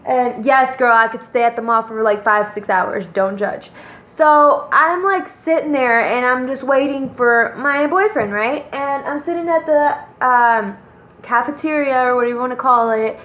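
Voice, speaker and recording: A young woman casually telling a story to her viewers, animated and slangy, calling them "girl". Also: sits high, unhurried. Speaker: vlogger. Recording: roomy echo.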